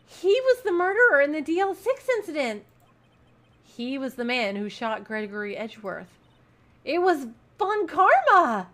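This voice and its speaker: A young woman streaming a game and reacting out loud, excitable and animated, cursing freely as she theorizes. Her voice sits rather high. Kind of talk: game commentary.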